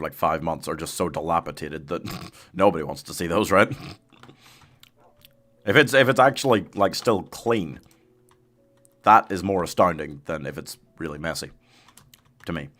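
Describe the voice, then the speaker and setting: A man's voice: a bass voice, brisk, fairly bright tone. A man streaming a game live, chatting casually with his chat, laughing often and yelping when danger appears. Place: home streaming setup.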